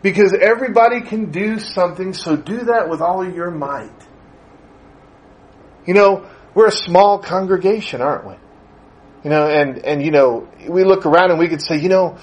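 Middle-aged male preacher with a slightly high voice, chatty sermon delivery. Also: normal speed, pauses often. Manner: conversational, animated, acts out quoted voices.

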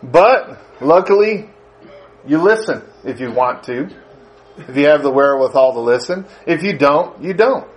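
Male preacher, lively storyteller, slightly high voice. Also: measured pace. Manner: animated storytelling, pitch rising with emphasis. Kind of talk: sermon.

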